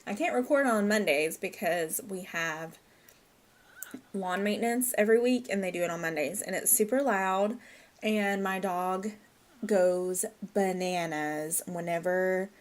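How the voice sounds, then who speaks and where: A woman giving casual let's-play commentary, chatty and apologetic, often laughing at herself. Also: mid-range voice. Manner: chatty, apologetic, giggly asides. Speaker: gameplay commentator.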